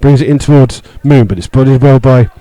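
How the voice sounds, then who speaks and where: Brief: male radio football commentator, mellow tone, halting play-by-play full of fillers, gets worked up over referee calls. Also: no echo, low-quality recording. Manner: steady play-by-play with many fillers, rising in pitch when indignant. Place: stadium stand among fans.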